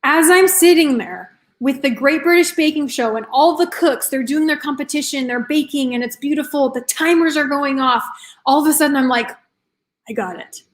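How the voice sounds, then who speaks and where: High-voiced enthusiastic woman coach. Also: moderate pace. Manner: enthusiastic, storytelling, addresses audience directly. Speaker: health and confidence coach. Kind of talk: live online presentation.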